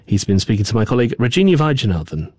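Man, radio news presenter, lively intonation, dry studio sound. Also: on the low side, rapid-fire, breathy edge, no room sound.

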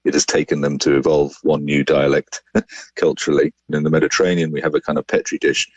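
A man, a scientist, calmly explaining research in an interview. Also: a bass voice, quick pace, breathy edge, no echo, highs cut off.

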